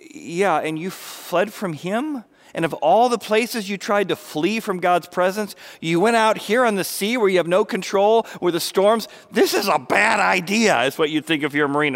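Animated male pastor preaching. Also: high voice, moderate pace. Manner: animated, acts out biblical speakers with raised voice. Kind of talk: sermon.

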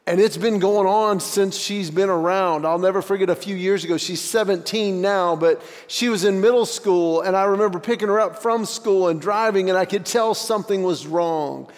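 A man in his forties, a stand-up comedian telling family stories as a guest speaker, acting out dialogue with lively voice shifts. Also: high-pitched, moderate pace, few pauses. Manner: animated, acts out dialogue with voice shifts. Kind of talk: stand-up storytelling. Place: church auditorium. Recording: long hall reverb.

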